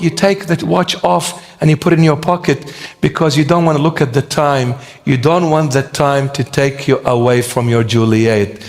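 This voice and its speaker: Slow, emphatic male preacher in a reverberant hall. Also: medium pitch. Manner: slow, emphatic, rhetorical questions. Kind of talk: sermon.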